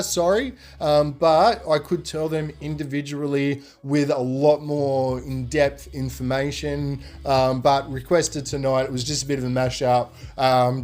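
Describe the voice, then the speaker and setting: A man, a podcast guest telling stories in a loose, rambling way full of fillers, getting animated when he quotes people. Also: fairly high pitch. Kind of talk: casual storytelling.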